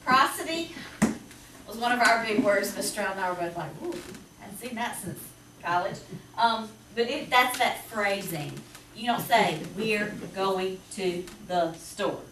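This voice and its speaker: A woman teacher with a Southern US accent, talking to parents about reading in a chatty, lively way. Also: mid-range voice. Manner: chatty, lively, quick to laugh. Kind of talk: presentation to parents. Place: school classroom. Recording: roomy, distant, noisy classroom recording.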